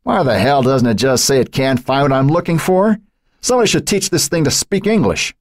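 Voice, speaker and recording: A man doing a gruff, irritable editor. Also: medium pitch, huge pitch swings, normal speed, no echo, clean studio sound, voice pushed up. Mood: grumbling. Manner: growling, grumbling. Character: gruff, irritable older male newspaper editor.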